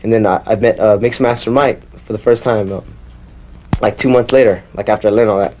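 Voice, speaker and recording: A man's voice: fairly low pitch, steady tone, fairly quick, warm tone, a little hiss or hum. A young man from the Bay Area telling a casual, rambling story as an interviewee and mimicking turntable scratches with his mouth.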